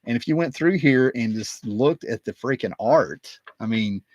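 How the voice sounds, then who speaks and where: A man hosting his own video, talking casually and excitedly, wandering off on tangents with plenty of fillers. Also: medium pitch, moderate pace, no echo. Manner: excited, digressive, many fillers. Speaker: comic book collector and video host. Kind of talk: casual rambling talk.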